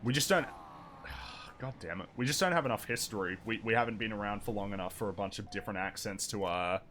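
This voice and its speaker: A man's voice: fairly low pitch, quick pace, a bit bright, a little hiss or hum. An Australian man streaming a game, chatting in a rambling, hesitant and wry way. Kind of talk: casual chat while gaming.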